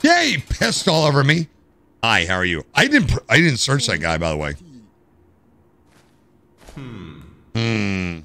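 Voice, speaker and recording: A man's voice: medium pitch, unhurried, long pauses, no echo. A man with an American accent streaming a game live, cracking jokes and complaining to his chat. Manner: animated, jokey, complains to chat. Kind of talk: live gameplay commentary.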